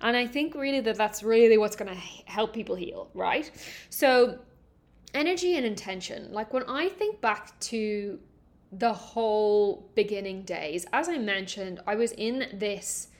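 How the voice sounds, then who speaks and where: A woman hosting her own podcast, talking in a chatty, upbeat and animated way. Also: mid-range voice, unhurried. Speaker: podcast host, holistic gut coach. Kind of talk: casual podcast chat.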